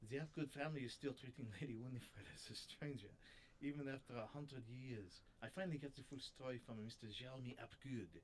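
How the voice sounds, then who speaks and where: A man voicing a formal gentleman in a mock French accent that drifts toward German, read in a stiff, theatrical way. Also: medium pitch, a little fast, a little hiss or hum, natural voice. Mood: earnest.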